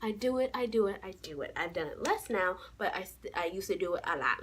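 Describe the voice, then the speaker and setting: A young adult woman vlogging, telling a casual story time in a sassy, animated way. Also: mid-range voice, quick pace, heavy background noise.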